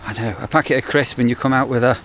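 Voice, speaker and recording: A man's voice: mid-range voice, fairly even intonation, racing, a bit bright, a little hiss or hum. A man, a campsite warden chatting casually in a rambling vlog with wry asides. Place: on the move, outdoors and in a car.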